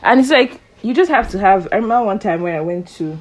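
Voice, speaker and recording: A young woman hosting a casual podcast chat, telling lively stories about college, quoting people in their own voices and laughing often. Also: mid-range voice, fast. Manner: animated storytelling, acts out quoted voices, laughs often. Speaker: podcast host.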